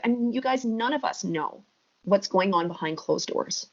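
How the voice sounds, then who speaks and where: Woman, 30s, podcast guest; lively emphatic storyteller, mid pitch, dull lo-fi sound. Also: brisk. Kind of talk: podcast interview. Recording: muffled lo-fi audio.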